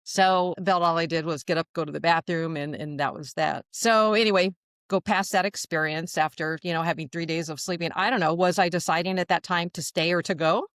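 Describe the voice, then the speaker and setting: A woman's voice: lowish voice, fairly even intonation, fairly quick, no room sound, studio quality. A woman in her sixties telling a long personal story as a podcast guest, chatty with frequent laughs and fillers. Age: 60s. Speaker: guest channeler.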